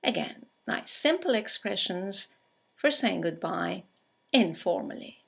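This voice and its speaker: A woman teaching English in a scripted lesson, speaking with clear, careful delivery as she reads out example phrases. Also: mid-range voice, expressive, slow pace, a bit bright.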